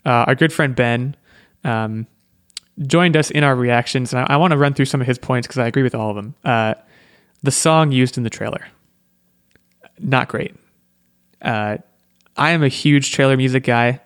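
A man's voice: medium pitch, normal speed, long pauses, clean tone, no room sound, clean studio sound. A man hosting a podcast, talking casually with lots of fillers and restarts. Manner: chatty, hedging, lots of "like" and restarts. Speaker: podcast host. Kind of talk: casual chat.

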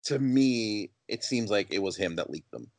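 A low-pitched man talks through movie scenes as a podcast co-host, conversational and analytical. His voice is dry and close, with no room around it. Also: expressive, normal speed, darkish tone, no room sound. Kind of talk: casual film discussion.

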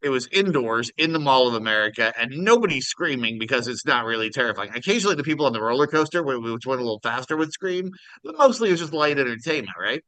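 Bright, clear-voiced man telling a story. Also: mid-range voice, quick pace, hardly any pauses, dry recording, rough recording. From Minnesota. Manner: animated storyteller acting out quotes. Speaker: podcast co-host. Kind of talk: casual chat, storytelling. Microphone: video call.

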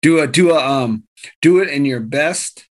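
A man's voice: on the high side, measured pace. A man co-hosting a podcast in casual chat, teasing his co-host and often talking over him. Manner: teasing, talks over others, laughs easily.

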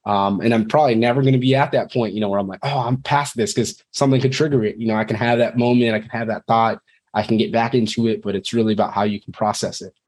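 A man's voice: lowish voice, fairly even intonation, fast talker, darkish tone. A man in his thirties, a podcast guest, telling his personal story candidly and in a rambling way, cursing now and then. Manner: rambling, frank, curses casually.

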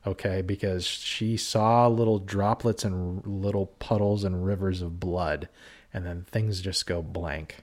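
A man's voice: deep voice, fairly even intonation, unhurried, darkish tone. A man co-hosting a casual horror movie review podcast, talking in a heated, ranting way with swearing and lots of fillers. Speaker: podcast co-host.

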